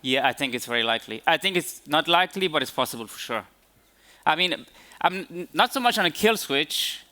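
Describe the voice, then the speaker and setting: Male tech speaker at a conference Q&A; bright voice, halting delivery. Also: on the high side, expressive. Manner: hesitant, many fillers and restarts. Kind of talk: conference Q&A answers.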